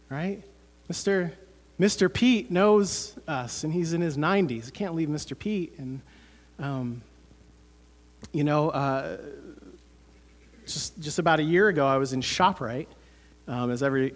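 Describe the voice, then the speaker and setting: A man, preaching a sermon as pastor, earnest and conversational with many fillers. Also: on the high side.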